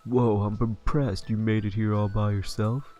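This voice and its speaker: A man voicing a friendly, cheerful young male hunter in a bright, chatty way. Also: on the low side, little pitch movement, normal speed, dull audio, soft background music, natural voice.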